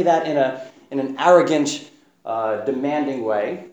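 Gentle preacher man in an echoey hall. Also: mid-range voice, expressive, measured pace. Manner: gentle, reflective, acts out quotes. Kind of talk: sermon. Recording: echoey room.

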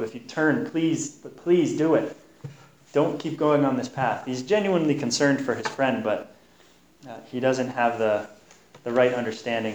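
A man teaching a Bible study, reading verses and explaining them in an earnest, halting way with frequent repeated words. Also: mid-range voice. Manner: earnest, repeats words while pleading passages. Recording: echoey room.

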